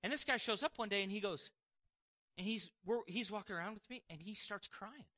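A man preaching a sermon and telling a personal testimony, animated, with quick asides and frequent laughs. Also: sits high. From Montana, United States.

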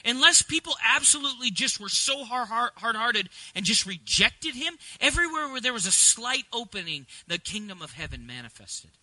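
A middle-aged man delivers a sermon in a high, ringing voice. He moves between relaxed, chatty storytelling and emphatic preaching, and the sound is close and dry. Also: normal speed, hardly any pauses, no room sound, poor audio. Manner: conversational, rising to emphatic preaching. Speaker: pastor.

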